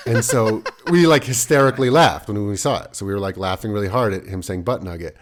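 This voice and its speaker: A man's voice: fairly low pitch, brisk, few pauses. A man in his thirties co-hosting a casual parenting podcast, telling stories with lots of laughter. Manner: animated storytelling, laughs often. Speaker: podcast co-host. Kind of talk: casual chat.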